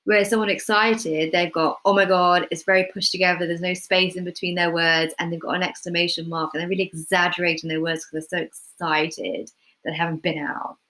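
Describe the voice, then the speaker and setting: A woman with a fairly low voice explains dialogue writing to school drama students. Her delivery is relaxed and conversational, and she often fills pauses with ums and soft hedges as she goes. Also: low-quality recording. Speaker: playwriting tutor. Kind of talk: casual instructional talk to students.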